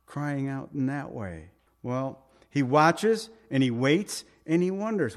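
A man's voice: fairly high pitch, lively intonation, unhurried. A middle-aged man preaching a sermon as pastor, earnest and conversational, asking rhetorical questions and pleading with light humor.

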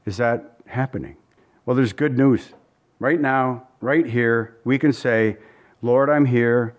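A man's voice: mid-range voice, takes it slowly, highs cut off. A man preaching as a pastor, teaching verse by verse in a folksy, conversational way and often repeating his phrases.

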